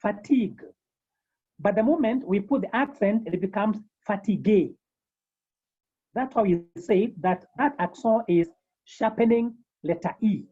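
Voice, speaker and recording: A woman teaching a beginners' French class over a video call, slowly repeating each term several times. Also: medium pitch, mellow, slightly rough, dull audio. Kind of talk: online language lesson.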